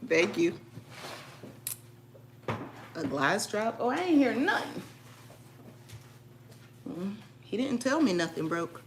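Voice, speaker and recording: A woman's voice: mid-range voice, big pitch swings, slow, long pauses, slight background noise. A woman, chatting casually and teasingly with viewers on a live stream, laughing often.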